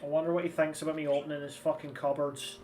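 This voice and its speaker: A man's voice: fairly high pitch, little pitch movement, fast talker, darkish tone. A man, giving casual, rambling gameplay commentary and swearing freely. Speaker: streamer. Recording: slightly distant mic with game music.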